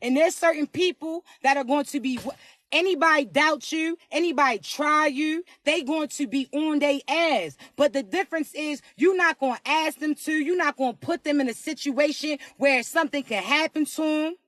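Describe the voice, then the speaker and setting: A woman with a raspy voice giving a casual spiritual reading to camera, slangy and emphatic, often asking "you heard me". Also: high voice, moderate pace, fairly bright tone, no room sound, clean studio sound. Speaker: spiritual card reader.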